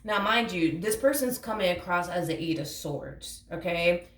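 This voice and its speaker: A woman with a lowish voice gives a tarot reading in a casual, blunt way. She hammers her points home through repetition and talks straight to the listener. She sits back from the mic in a roomy, echoey space. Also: lively intonation, normal speed, recorded from a distance. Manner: emphatic, repetitive, blunt, calls listener honey. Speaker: tarot reader. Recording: roomy echo, away from the mic.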